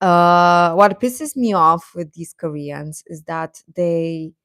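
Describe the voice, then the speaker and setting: Slow-talking, outspoken woman streamer. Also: lowish voice, no room sound, studio quality. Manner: animated, opinionated, swears, laughs between sentences; reads and answers viewer comments. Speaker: K-pop commentator streaming to viewers. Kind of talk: casual live-stream chat.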